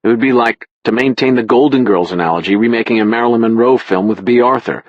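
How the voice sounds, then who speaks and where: A man narrating an audiobook in the first person with a wry, expressive delivery. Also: mid-range voice, fast, no room sound, muffled recording.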